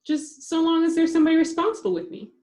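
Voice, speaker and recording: A woman voicing a frail, pale schoolgirl in a wheelchair with a small, squeaky voice that she keeps calm and matter-of-fact. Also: fast. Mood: earnest.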